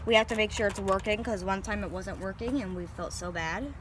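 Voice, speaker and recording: Speaking fairly quickly in a mid-range voice against a noisy background, a young woman narrates a backyard vlog on her handheld phone. She shows her guinea pigs, chatting informally with lots of fillers and a sweet, baby-talk voice for them.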